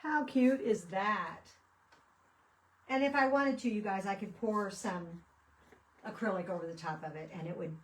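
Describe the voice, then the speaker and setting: Working on a craft project, this video host keeps up a casual, chatty story punctuated by bursts of laughter. She has a lowish voice, recorded a little far from the mic with a faint hiss or hum.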